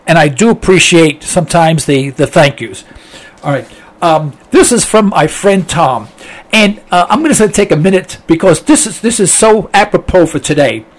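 A high-pitched man hosts a talk program in a loose, rambling monologue. He reads through listener mail with plenty of fillers and restarts, keeping it conversational. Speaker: radio talk show host.

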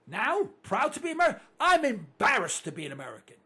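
New talk radio guy going hoarse, husky, ranting, voice jumps all over and goes up high. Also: fast talker, hardly any pauses. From New York. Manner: animated ranting, mocking voices, sudden loud outbursts. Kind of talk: ranting call-in radio monologue.

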